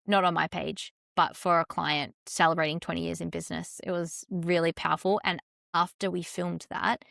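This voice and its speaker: A woman's voice: on the low side, flat delivery, moderate pace, gravelly, a bit bright, dry recording, clean studio sound. A young adult Australian woman, a content strategist chatting as a podcast guest, with a chatty, flowing manner full of "like" fillers. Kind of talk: casual interview chat.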